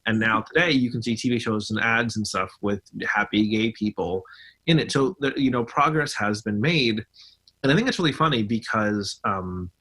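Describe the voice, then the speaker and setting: A man is a guest on a casual podcast, explaining his views earnestly. His voice is low and husky, with a forceful, bright edge, and he often stumbles and restarts his sentences. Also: moderate pace. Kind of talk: casual conversational chat.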